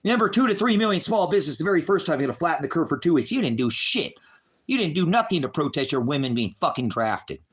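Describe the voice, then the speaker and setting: A middle-aged man ranting to his viewers, cursing heavily and swinging between shouted outbursts and low bitter muttering. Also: very animated, fast talker, slightly rough. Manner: heavy cursing, bitter and raging. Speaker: online ministry broadcaster. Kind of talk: angry unscripted rant to viewers.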